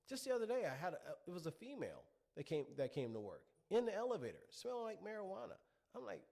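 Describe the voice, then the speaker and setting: A middle-aged man holds forth in a preachy talk-show monologue. His pitch swings up and down as he drives home his points with rhetorical questions. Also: darkish tone. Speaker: commentary show host. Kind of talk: opinionated monologue.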